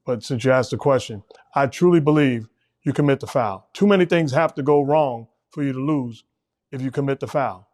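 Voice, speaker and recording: A man's voice: medium pitch, fairly quick, a little mellow. A middle-aged man hosting a casual basketball talk show, speaking emphatically and repeating words when he presses a point. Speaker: host, former coach.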